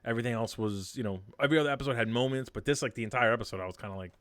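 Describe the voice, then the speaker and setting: Fast-talking man, dry close sound. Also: medium pitch, a bit bright, no echo. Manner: rambling, filler-heavy. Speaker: podcast co-host. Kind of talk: casual chat.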